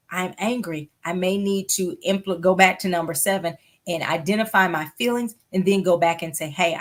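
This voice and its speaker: A middle-aged woman host talking through mental health tips in a live broadcast, earnest and explaining with everyday examples, pausing often with "um.". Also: medium pitch. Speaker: host offering therapy.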